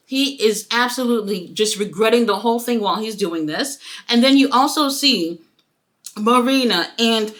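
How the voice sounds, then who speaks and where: A woman giving a casual, profane wrestling review, acting out the quotes. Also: on the high side. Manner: animated, profane, acts out quotes.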